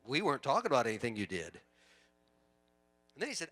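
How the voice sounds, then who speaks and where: A male pastor preaching a sermon, swinging from loud emphatic lines to quiet storytelling, with chatty asides and repeated words. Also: medium pitch, huge pitch swings, fast talker, long pauses.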